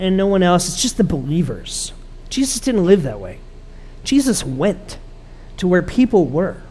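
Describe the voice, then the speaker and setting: A man's voice: sits high, a little mellow. A man pastor preaching a conversational, emphatic sermon to his church.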